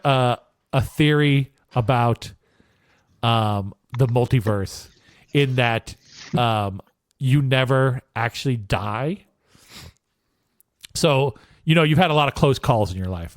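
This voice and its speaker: A man co-hosting a casual podcast, telling a story with lively asides and frequent "okay?" check-ins. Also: mid-range voice, slow, no room sound, clean studio sound. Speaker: podcast co-host.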